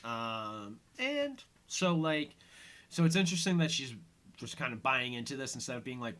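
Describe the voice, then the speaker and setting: A man's voice: mid-range voice, animated, normal speed, a bit bright. A man hosting a casual commentary podcast, retelling an episode with lots of fillers and quoted lines. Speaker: podcast host.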